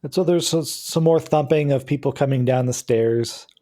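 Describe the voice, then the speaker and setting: A man narrating a tabletop game as game master, describing scenes in a halting way. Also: mid-range voice, dark tone.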